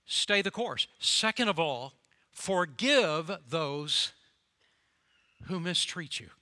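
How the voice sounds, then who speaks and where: A man's voice: on the high side, lively intonation, slow pace, bright, forceful tone, dry recording, clean studio sound. A man preaching a sermon, telling a story and pressing his points with emphatic repeated phrases. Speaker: pastor.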